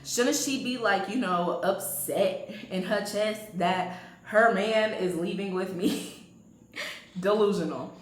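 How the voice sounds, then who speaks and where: A woman's voice: mid-range voice, takes it slowly. Young woman chatting a storytime vlog, lots of slang, talks right at the camera, kinda echoey room. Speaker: storytime vlogger. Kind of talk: casual storytime chat. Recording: roomy echo.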